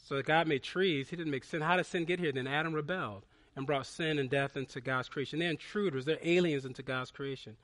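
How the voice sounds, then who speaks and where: Fervent high-voiced male preacher. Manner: builds from low, quiet teaching to loud, fervent preaching, with stammered restarts. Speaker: pastor. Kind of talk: sermon.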